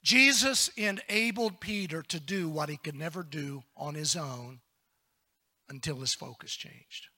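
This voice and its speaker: High, bright-voiced preaching pastor. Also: male voice, unhurried. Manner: preaching with call-and-response, swings from hushed to shouting. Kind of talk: sermon.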